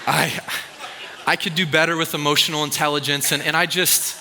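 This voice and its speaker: A man's voice: a little high, little pitch movement, background noise, natural voice. A man voicing a young boy who halts and stumbles while owning up to his temper. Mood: sheepish. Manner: halting, apologetic.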